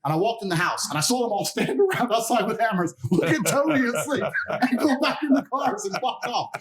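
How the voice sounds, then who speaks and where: His voice is very high-pitched and his pace a little fast as he recounts stories for a podcast interviewer. Boastful, blunt and full of profanity, he keeps the casual telling animated and laughs in the middle of it.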